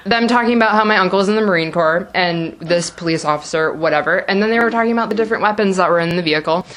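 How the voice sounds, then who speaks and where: A woman's voice: on the low side, rapid-fire, a bit bright. A woman telling a personal story aloud, rambling with lots of fillers and frequent laughter. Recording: noisy live recording.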